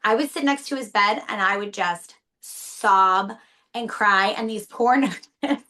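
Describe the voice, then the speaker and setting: A woman in her thirties whose partner survived a stroke speaks candidly and emotionally in an interview, tearful at times and restarting her sentences often. Her medium-pitched voice is slow, pushed, and bright.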